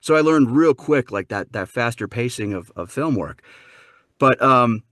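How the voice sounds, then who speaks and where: Male dialect coach from Wisconsin, animated storyteller, mid pitch, dry close mic. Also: measured pace, no room sound. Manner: lively, acts out voices. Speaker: guest, dialect coach and narrator.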